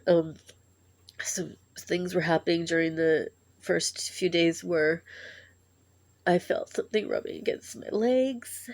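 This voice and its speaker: A woman telling a tearful personal story in a halting, emotional way, sighing and breaking off as she grieves. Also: mid-range voice, darkish tone. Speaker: vlogger.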